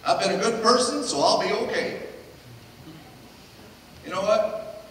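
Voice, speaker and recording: A middle-aged man preaches with a high voice in an animated, joking style. His voice rings through a big reverberant hall and is picked up from far off. Noticeable background noise sits under the whole recording. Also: unhurried, gravelly. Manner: animated, jokey storyteller acting out quotes. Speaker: pastor. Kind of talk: sermon with storytelling. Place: church hall. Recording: echoey hall, distant mic, noisy.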